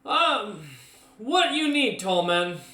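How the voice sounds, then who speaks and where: A man playing a lanky, goofy young orc in a tabletop game, talking in broken words with a thick foreign accent. His voice sits higher and brighter than a normal speaking voice, and it echoes in a roomy space. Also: very animated, slow, full character voice. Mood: eager. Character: skinny goofy young male orc, eager, simple-minded.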